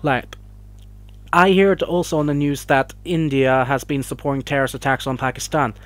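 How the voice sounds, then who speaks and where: A man's voice: mid-range voice, fairly even intonation, moderate pace, fairly bright tone, dry recording. A young man ranting emotionally to camera in a vlog, swearing and rambling as he gets worked up. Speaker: vlogger. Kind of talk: heated opinion rant to camera.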